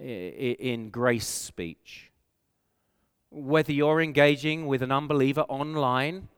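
English pastor preaching in a reverberant hall. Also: male voice, medium pitch, smooth. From England. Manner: earnest, emphatic preaching with rhetorical questions. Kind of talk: sermon.

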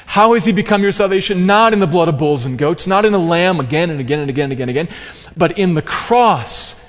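A man preaching a sermon in an earnest, emphatic way, slowing down to stress key phrases. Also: high-pitched, animated, fairly bright tone. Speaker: pastor. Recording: long hall reverb.

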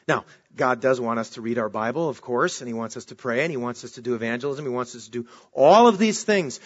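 A man's voice: mid-range voice, lively intonation, a little fast, slightly rough. A male pastor preaching a sermon in a conversational way, rising for emphasis on key phrases. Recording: dull lo-fi recording.

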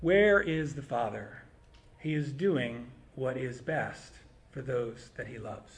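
A man's voice: mid-range voice, slow pace. A man preaching a sermon in a conversational way, with frequent asides to his listeners.

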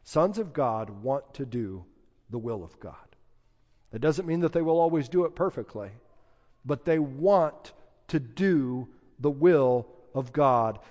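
A man preaching a sermon, slow and emphatic, building to loud peaks when he quotes scripture. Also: mid-range voice. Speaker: pastor. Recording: dull lo-fi sound with long hall reverb.

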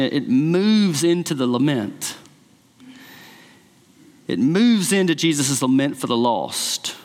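Man preaching, fairly high voice that swings all over, big reverb like a church hall, gets real passionate. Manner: impassioned, rising to quoted speech with emphasis. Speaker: pastor. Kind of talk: sermon.

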